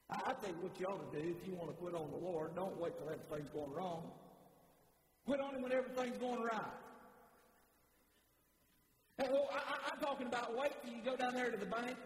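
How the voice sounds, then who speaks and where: A man preaching a sermon in a church, fervent and repetitive, often stammering and restarting his words. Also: extremely high pitch. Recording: echoey hall with faint noise.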